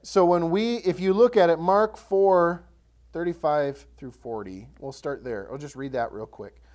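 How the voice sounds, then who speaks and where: A man's voice: on the high side, measured pace. A male pastor preaching a sermon, telling stories and acting out the voices of the people in them. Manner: animated storytelling, acts out voices.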